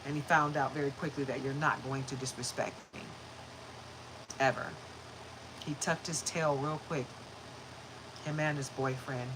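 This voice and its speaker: A woman's voice: a bass voice, steady tone, unhurried, pauses often, background noise. A woman hosting a spiritual reading livestream, talking casually and upbeat with frequent laughter and greeting viewers by name. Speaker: spiritual reader and livestream host.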